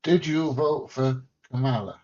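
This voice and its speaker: A man's voice: mid-range voice, unhurried, darkish tone, a little hiss or hum. An English man hosting a livestream from home, chatting casually and bluntly as he reads viewer comments, joking and swearing mildly. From England. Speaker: livestream host. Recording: dull lo-fi stream audio.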